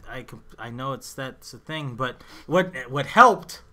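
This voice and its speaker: Rambling man with a bright voice. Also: medium pitch, animated, measured pace. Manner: rambling, hesitant, lots of fillers. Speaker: podcast co-host. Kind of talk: casual comedy podcast banter.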